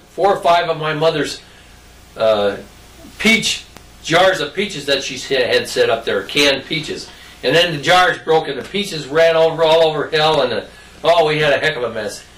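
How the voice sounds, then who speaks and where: An older man spinning folksy, rambling tales from his childhood. His voice sits somewhat high for a man. He is recorded from a distance in a roomy space, with faint noise behind him. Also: fairly bright tone. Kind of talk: casual storytelling.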